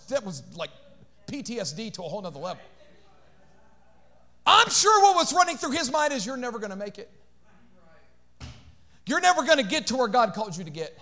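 A man with a strikingly high voice preaches in a church. He mixes jokes and acted-out voices with rising, shouted, sing-song passages, calling out to the congregation. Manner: acts out voices and jokes between points. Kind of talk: sermon.

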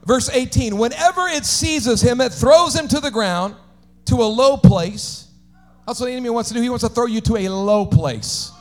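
A man preaching a sermon as pastor, swinging between shouted, sing-song climaxes and quiet, conversational asides. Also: very high-pitched, lively intonation, moderate pace.

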